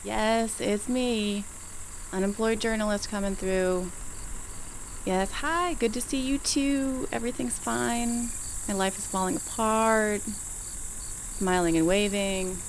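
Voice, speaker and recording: A woman's voice: mid-range voice, flat delivery, unhurried, a little hiss or hum, close to an everyday voice. A woman playing a weary, sarcastic out-of-work journalist with a faded Southern accent in an audio drama. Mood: wry. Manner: dry, sarcastic, muttering to herself. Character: weary unemployed woman journalist back home.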